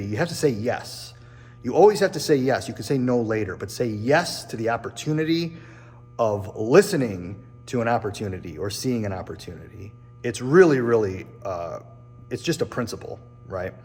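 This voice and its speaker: A man's voice: medium pitch, breathy edge, big-room sound. A man hosting his own show, talking earnestly and reflectively to camera, often repeating and restarting phrases, in a machine shop. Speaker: real estate agent and show host. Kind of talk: casual personal talk to camera.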